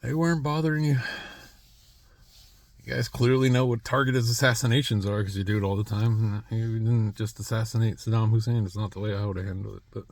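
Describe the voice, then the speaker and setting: A man's voice: lowish voice, steady tone, quick pace, creaky, few pauses, a little mellow, no echo. A man in his thirties talking in a rambling monologue, restarting his sentences and coughing between phrases. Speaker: vlogger.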